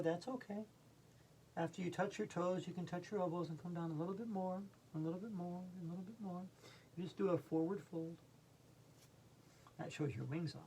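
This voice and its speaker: A woman leading a silly children's yoga lesson, playful, with soft and calm breathing cues. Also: on the low side, slight background noise. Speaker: kids yoga instructor.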